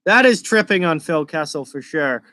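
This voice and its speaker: Here a young man with a mild Massachusetts accent talks through a live hockey reaction stream, interrupting himself to answer viewers' chat questions. His pitch sits high and bright, his delivery expressive at a moderate pace. It's a close, dry recording with no echo.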